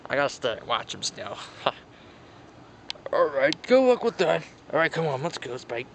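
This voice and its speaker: A man's voice: on the high side, sing-song, normal speed, gravelly, a bit bright, slight background noise. A man improvising a toy-play story, voicing the characters himself with frequent gasps and exclamations.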